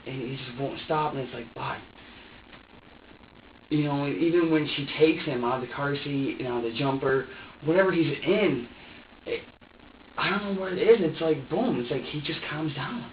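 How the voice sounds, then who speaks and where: A man's voice: a little high, normal speed, long pauses, slight background noise. A man in a police interrogation, talking in an agitated, profane rant. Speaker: suspect. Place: interrogation room. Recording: dull echoey room audio from a distant mic.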